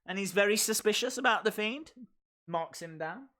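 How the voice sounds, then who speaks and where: Animated wrestling streamer. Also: male voice, high voice, normal speed. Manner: chatty, mock-outraged, reads out chat messages. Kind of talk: live reaction stream chat. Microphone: desk microphone.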